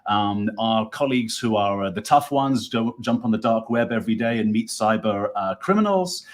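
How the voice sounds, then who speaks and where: A man's voice: lowish voice, lively intonation, normal speed. A man with a New Jersey accent hosting a live online interview, talking in an effusive, enthusiastic, rambling way. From United States. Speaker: host.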